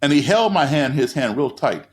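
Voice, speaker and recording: A man's voice: on the high side, normal speed. Brief: American man in his sixties, seasoned storyteller, does voices for the people in his tale. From United States. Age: 60s. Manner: lively storyteller who acts out the people he quotes. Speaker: guest. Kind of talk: storytelling in a conversation.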